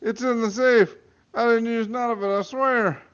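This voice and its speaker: A man doing a loud, panicky crook. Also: high-pitched, little pitch movement, a little slow, clean tone, lo-fi sound, voice pushed up. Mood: frantic, yelling. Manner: shouting, pleading, swearing. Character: loud panicking male pizza-shop crook.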